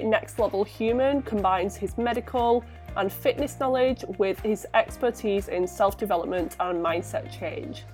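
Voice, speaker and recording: A woman hosts a podcast and talks at a middle pitch in a clear, friendly, measured way. Soft music plays low behind her. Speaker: podcast host. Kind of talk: scripted intro and interview hosting.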